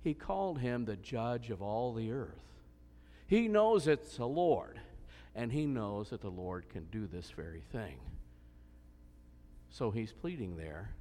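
A man's voice: medium pitch, sing-song, a little slow, a little mellow. A man preaching a sermon, asking questions and stressing points with emphasis. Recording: long hall reverb.

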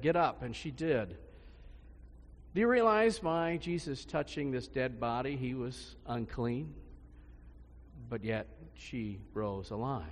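A male pastor preaching a sermon in a conversational style, his pitch and loudness swinging widely between phrases. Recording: long hall reverb.

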